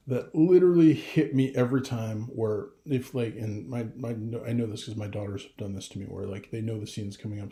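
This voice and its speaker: Middle-aged dad rambling on camera, gets choked up, roomy echo. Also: male voice, mid-range voice, mellow. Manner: rambling, restarts often, gets emotional. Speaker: vlogger. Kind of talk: casual chat to camera.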